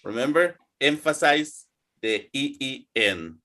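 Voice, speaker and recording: Man, English teacher, patient, repetitive drilling, animated pitch. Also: measured pace, slight background noise. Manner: patient, drilling, repeats and checks with "right?". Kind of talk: online English pronunciation lesson.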